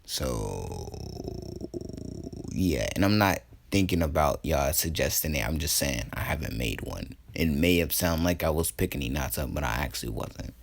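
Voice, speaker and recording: A man's voice: very deep voice, lively intonation, normal speed, creaky, breathy edge. A young man casually telling a fan-made story, laid-back and profane, trailing off with ums and laughing at his own jokes.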